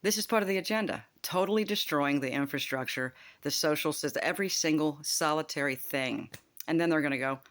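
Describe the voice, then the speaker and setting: A woman's voice: low-pitched, brisk, fairly bright tone. An older woman ranting to camera in a heated, profane, rambling vlog monologue. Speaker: vlogger.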